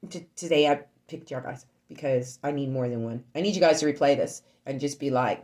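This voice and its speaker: Shaken woman retelling, swinging loud and quiet. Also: sing-song, a little fast. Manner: shaken, repetitive, swings from loud outbursts to low murmurs. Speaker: streamer talking to her online group. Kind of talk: emotional casual storytelling.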